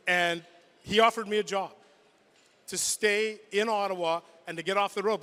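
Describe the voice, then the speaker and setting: Guy broadcaster giving a hall of fame speech, storytelling, kinda high voice, big echoey hall. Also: bright, forceful tone. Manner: dramatic storytelling with quick restarts and repeated words. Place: large indoor event hall. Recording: long reverb of a large hall.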